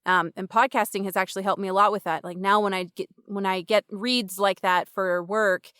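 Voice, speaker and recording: A woman's voice: mid-range voice, steady tone, brisk, sharp tone, smooth, no echo, clean studio sound. A young woman co-hosting a casual podcast, chatty and self-mocking, laughing often at her own stories. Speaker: podcast co-host.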